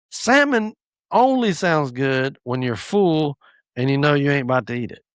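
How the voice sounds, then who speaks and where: A man's voice: medium pitch, very animated, moderate pace, no room sound, studio quality. A man hosting a solo podcast, chatting casually and joking with rambling asides. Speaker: podcast host.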